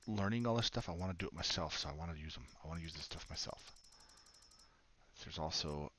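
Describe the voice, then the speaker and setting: A fast-talking man with a low, somewhat bright voice rambles casually as he plays a farming game on stream, often laughing. The commentary comes through a dull lo-fi mic with a bit of noise.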